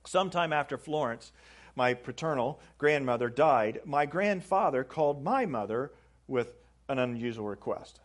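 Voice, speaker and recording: A man's voice: mid-range voice, expressive, moderate pace. A man preaching a sermon, reading aloud from a book and stressing phrases with rising emphasis. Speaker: pastor. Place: church sanctuary.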